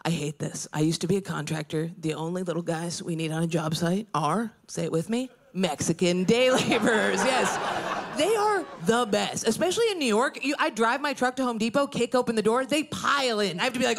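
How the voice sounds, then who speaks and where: A woman performing stand-up comedy on a club stage, animated and slipping into high exaggerated voices. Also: moderate pace, a crowd in the background, background noise.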